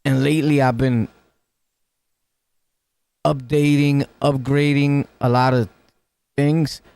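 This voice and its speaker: A man's voice: mid-range voice, level tone, takes it slowly, creaky, a little mellow, clean tone, no room sound. A man with a New York accent reacting to clips in casual commentary, full of street slang and laughing asides, talking right up on the mic. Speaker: reaction streamer. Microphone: close to the mic.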